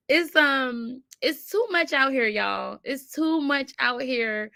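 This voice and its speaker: A woman's voice: sits high, lively intonation, slow, creaky, few pauses, pushed and bright, dry recording, studio quality. A woman hosting a casual livestream on her computer, chatting and reciting affirmations with frequent laughs. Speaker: livestream host. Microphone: computer mic.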